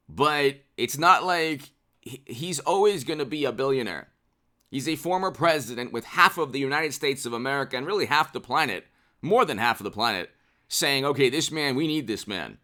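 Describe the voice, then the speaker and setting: Guy ranting sarcastically over news headlines on his channel, bright sharp voice, kinda high. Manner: sarcastic, mocking, with restarts. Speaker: political commentary channel host. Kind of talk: casual commentary reading headlines.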